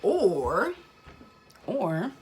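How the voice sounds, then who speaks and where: A woman's voice: medium pitch, very animated, very slow, faint music behind. A woman talking casually about spirituality to her viewers, emphatic and repetitive, swearing now and then. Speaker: spiritual vlogger.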